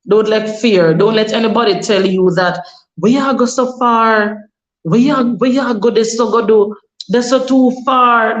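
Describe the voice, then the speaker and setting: A woman's voice: a little high, a little slow. Chatty Jamaican woman in echoey room. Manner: chatty, advising, slips into patois. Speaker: vlogger. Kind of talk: casual advice vlog.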